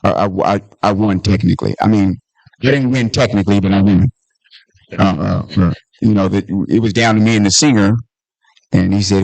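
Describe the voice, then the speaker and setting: A man's voice: on the low side, normal speed, vocal fry, dry recording. A comedian from Washington, D.C. telling stories from his life in conversation, acting out the voices of people in them. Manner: animated storyteller, acts out voices in anecdotes. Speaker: comedian and author at book talk. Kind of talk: storytelling in conversation.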